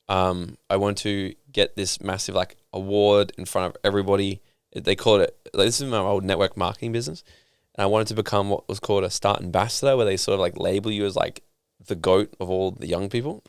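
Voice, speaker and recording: A young man, a podcast guest telling stories in a casual, animated way and swearing freely. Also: lowish voice, clear, resonant tone, no room sound, studio quality. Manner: animated storytelling, swearing casually, acting out quoted people.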